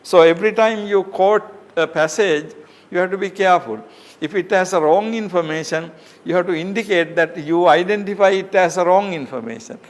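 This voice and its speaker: Male professor, slightly raised pitch, patient step-by-step lecturing with frequent fillers. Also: normal speed. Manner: explains step by step with many fillers and rhetorical questions. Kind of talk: academic lecture.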